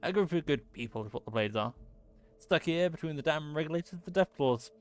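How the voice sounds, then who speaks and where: A man puts on a burly bearded brawler from a video game, friendly and folksy, who calls people lad. The voice sits a little above his usual pitch and is read with plain, homely warmth of manner. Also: animated, brisk, faint music behind, lightly acted. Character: gruff bearded male brawler trainer, friendly.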